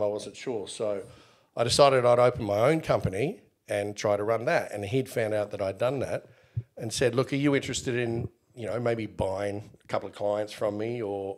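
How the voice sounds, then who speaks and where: Middle-aged aussie guy yarning away in an interview, does all the voices in his stories. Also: lowish voice. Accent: Australian. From Australia. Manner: animated, acts out quoted exchanges. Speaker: interview guest, former bodyguard. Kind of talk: casual storytelling interview.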